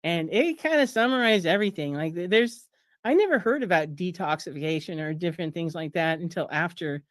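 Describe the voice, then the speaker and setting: A woman's voice: fairly quick, no room sound, clean studio sound. A woman in her fifties, a pharmacist and author, talking casually through her slides on a video call and mocking the system in a sarcastic tone. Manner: chatty, sarcastic, acts out quoted voices in a higher pitch. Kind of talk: casual presentation over slides at a streamed fundraiser.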